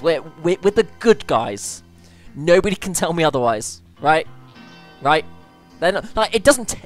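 Excitable woman gamer with a lively voice. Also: sits low. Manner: excitable, squeals and panics during play; chatty, playful self-mockery. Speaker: let's play gamer. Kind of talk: gameplay commentary.

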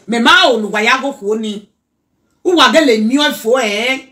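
A woman with a Nigerian accent giving an animated reaction rant in Pidgin, now and then breaking into song. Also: on the high side, normal speed. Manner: animated, preachy, mixes Pidgin and local language, breaks into song.

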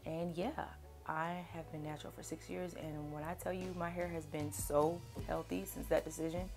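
Chatty low-voiced Southern woman vlogger. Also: flat delivery, moderate pace, vocal fry, a little mellow, faint music behind. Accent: Southern US country. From Kentucky, USA. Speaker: beauty vlogger. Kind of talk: casual Q&A vlog to camera.

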